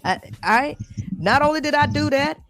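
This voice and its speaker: A woman's voice: high voice, lively intonation, moderate pace, a bit bright, dry recording. A middle-aged woman from the United States, arguing bluntly and confrontationally in a heated debate, often repeating herself. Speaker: podcast guest.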